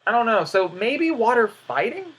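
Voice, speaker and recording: Rambling man with a lively pitch. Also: moderate pace, breathy edge. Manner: rambling and hesitant, full of "um" and "I don't know". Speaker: YouTuber. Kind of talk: casual video commentary.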